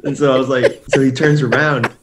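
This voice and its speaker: A man's voice: medium pitch, fairly even intonation, fairly quick, background noise. A young man telling a story as a podcast guest in a casual, rambling way, full of "like" and restarts. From family from Mexico. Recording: echoey room.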